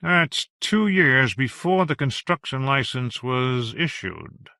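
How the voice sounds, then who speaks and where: A man's voice: mid-range voice, expressive, slow, vocal fry, sharp tone, dry recording, studio quality, pitched above the performer's own voice, heavily acted. A man voicing an eager male investigator asking questions on a call, in an audiobook reading. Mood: pressing. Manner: pressing, inquisitive questions. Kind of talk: audiobook dialogue.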